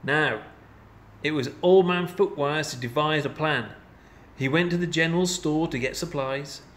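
A man reading a children's picture book aloud in an expressive, playful storytelling manner. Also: on the high side, moderate pace. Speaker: storybook reader.

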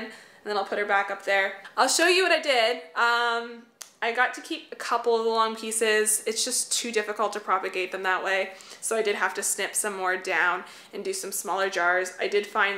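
A woman's voice: on the high side, bright, forceful tone. Chatty woman vlogger in an echoey room. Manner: rambling, many "like" fillers, laughs often. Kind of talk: casual vlog chat. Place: room at home.

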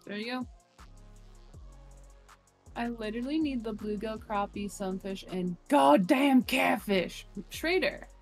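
A chatty woman streamer talking casually over a game, swearing freely and reading out chat messages. Her voice sits a little high, with faint music in the background. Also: takes it slowly, gravelly, long pauses.

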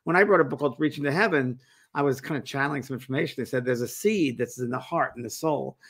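Male host, bright, slightly gravelly voice, earnest conversational delivery. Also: mid-range voice. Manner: earnest, conversational, reads passages aloud. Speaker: host, medium. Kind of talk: casual chat.

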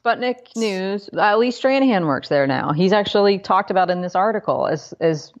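A woman's voice: medium pitch, lively intonation, moderate pace, muffled recording. A woman co-hosting a podcast, chatting casually and wryly about politics with sarcastic asides. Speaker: podcast co-host.

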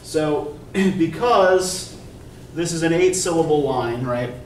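A man's voice: on the high side, takes it slowly. A male college English instructor giving a classroom lecture, explaining step by step and checking in with "right?". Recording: echoey classroom from far off, faint noise.

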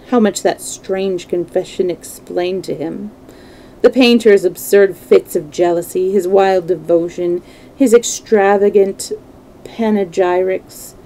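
A woman's voice: mid-range voice, mellow, a little hiss or hum, poor audio. A woman reading a classic novel aloud to a live stream, giving the characters' dialogue a light touch of acting. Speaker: storyteller.

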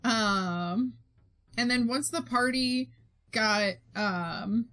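A woman's voice: on the high side, extremely slow, fairly bright tone. A young woman streamer chatting casually while she draws, recapping her tabletop game as game master in a rambling way full of fillers and laughs. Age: young adult.

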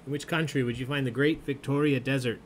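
A man's voice: mid-range voice, steady tone, quick pace, a little hiss or hum. A man hosting an online trivia game, reading out questions and answers in a jokey, chatty way. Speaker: trivia host. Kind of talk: live-streamed trivia hosting.

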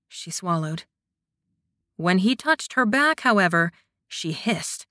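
A woman reads a fantasy romance audiobook in an even storytelling manner. Her voice is bright, and the sound is dry and close. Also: on the low side, slow, long pauses, no echo. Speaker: audiobook narrator. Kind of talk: scripted narration.

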